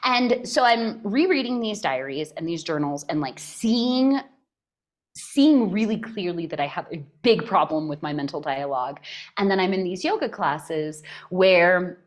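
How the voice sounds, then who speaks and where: Woman, podcast guest, expressive storyteller with a lively, swinging pitch. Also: measured pace. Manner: expressive, laughs often while telling. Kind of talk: personal storytelling in conversation.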